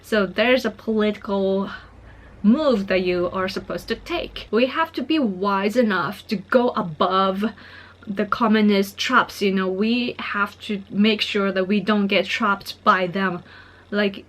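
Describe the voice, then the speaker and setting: A woman from Japan talking casually to her viewers, keeping a quiet monotone voice and filling her talk with "like" and "you know". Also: medium pitch, unhurried. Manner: monotone and soft-spoken, quiet so as not to disturb family; earnest, frequent fillers and small laughs. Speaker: political vlogger.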